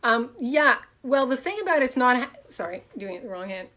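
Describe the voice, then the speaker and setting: A woman's voice: high voice, animated, a little fast, fairly bright tone. Upbeat woman greeting her live-stream viewers. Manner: upbeat, greets viewers by name, repeats welcomes. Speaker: coach hosting a live stream. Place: home, in a room.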